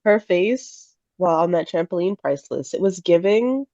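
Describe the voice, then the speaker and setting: A woman, a mother, co-hosting a casual podcast chat, blunt and animated and laughing often. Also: fairly low pitch, normal speed, dry recording, highs cut off. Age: adult parent. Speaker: podcast co-host.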